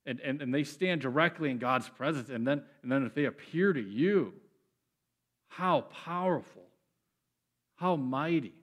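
A man preaching a sermon, animated and emphatic, often repeating words as he builds up. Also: medium pitch, measured pace. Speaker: pastor.

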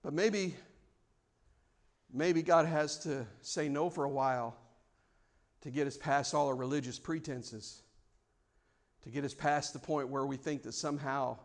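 A man preaching a sermon, swinging between loud, mock-formal prayers and quiet, reflective stretches. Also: mid-range voice, fairly even intonation, unhurried, pauses often. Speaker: pastor.

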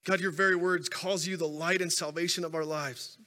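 A man preaching from the stage with a high, bright voice, building his stories up and then dropping to a hush. His words carry a long reverb through a large church sanctuary, picked up by a stage microphone. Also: steady tone, fairly quick. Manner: storytelling preacher, rising and falling intensity. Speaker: pastor. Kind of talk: sermon.

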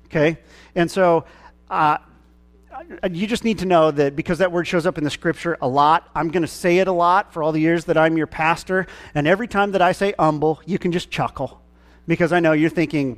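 A male pastor with a central US twang preaches in a high, bright register. He talks earnestly and pushes into emphatic, raised-voice peaks. His voice carries a long reverb from a church hall. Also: animated, moderate pace. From central United States. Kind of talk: sermon. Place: church sanctuary.

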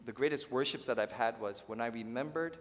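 A pastor preaching a sermon to his congregation, swinging from hushed to loud and addressing the listeners directly. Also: mid-range voice, a little fast. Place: church sanctuary. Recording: long reverb of a large hall.

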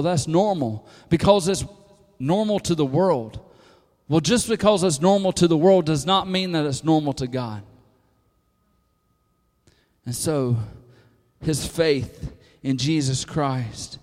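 A man preaching a sermon to a congregation, moving from hushed lines to loud, emphatic calls. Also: a little high. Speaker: pastor. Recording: long hall reverb.

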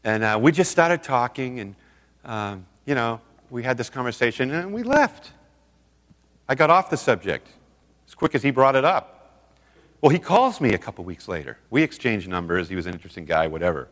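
A man's voice: medium pitch, very animated, normal speed, a bit bright. A man telling stories at a men's seminar, acting out both sides of his conversations. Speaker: seminar speaker. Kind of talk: storytelling talk to a men's group. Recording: long hall reverb.

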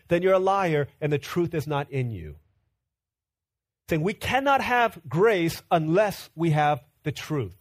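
A man's voice: on the high side, expressive, measured pace. A man preaching a sermon as pastor, earnest, often repeating words as he builds a point.

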